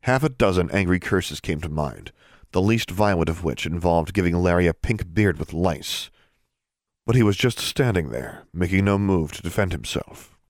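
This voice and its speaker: A man with a very deep voice reads a fantasy audiobook, his delivery moving lively up and down through the sentences. The sound is dry and close to the mic, with no room around it. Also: normal speed, no echo. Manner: steady storytelling with expressive dialogue. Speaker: narrator. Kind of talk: audiobook narration.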